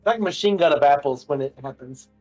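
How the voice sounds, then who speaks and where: A man's voice: a little high, a little fast, soft background music. A man playing in a tabletop game, chatting casually and matter-of-factly, with frequent chuckles. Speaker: player.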